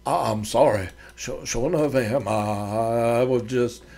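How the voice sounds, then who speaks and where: A man voicing a nervous, timid frontier ranch hand who stammers and mumbles quietly. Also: mid-range voice, slow.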